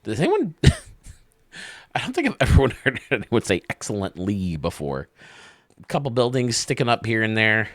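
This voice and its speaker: A man's voice: medium pitch, wildly swooping pitch, normal speed, long pauses, fairly bright tone, no echo, studio quality. A man hosting a video game channel, casually commenting with enthusiasm, rambling a bit and laughing often.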